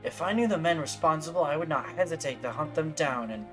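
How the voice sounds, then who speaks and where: A man's voice: a little high, animated, fast, music in the background, lightly acted. A man voicing a proud, grave older warrior in a game, speaking in a formal, solemn, old-fashioned way.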